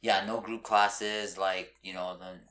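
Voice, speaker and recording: A young man, a professional fighter, chatting casually as a podcast guest in a relaxed way. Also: sits low, slow, reverberant, over a noisy crowd. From Canada. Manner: relaxed, says "bro" and "you know what I mean". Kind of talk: casual chat.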